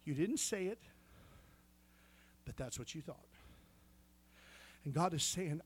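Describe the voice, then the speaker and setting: A man preaching a Pentecostal sermon in church, swinging between fervent shouting and hushed intimacy, with cries of hallelujah and amen. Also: a little high, animated, takes it slowly, pauses often, breathy edge.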